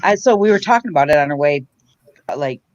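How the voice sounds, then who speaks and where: A woman's voice: low voice, lively intonation, fast, darkish tone, no echo. A mother talking in casual chat, outspoken and blunt. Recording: dull lo-fi with background noise.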